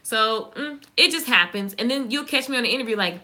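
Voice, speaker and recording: A woman with a Southern accent chats to her channel's viewers, joking and reacting to comments. Her voice sits a bit high and sounds bright and forceful. She talks fast and loose, like she's among friends. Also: animated. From Southern United States. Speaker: YouTuber. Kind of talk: casual live-stream chat.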